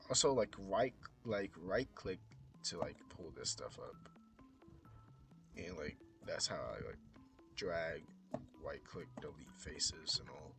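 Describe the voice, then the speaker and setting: Deep-voiced man rambling through a tutorial. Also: expressive, slow, a bit bright. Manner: rambling, many fillers, often drops to a whisper. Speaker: 3D modeling tutorial maker. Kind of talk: casual screen-recorded tutorial commentary. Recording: clear background music.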